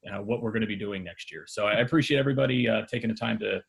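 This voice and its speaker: A man's voice: fairly low pitch, very fast, vocal fry, slightly rough. Male, middle-aged, school media teacher; loose spoken remarks at a board meeting, lots of fillers. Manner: conversational, with frequent fillers and restarts. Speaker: high school TV program advisor.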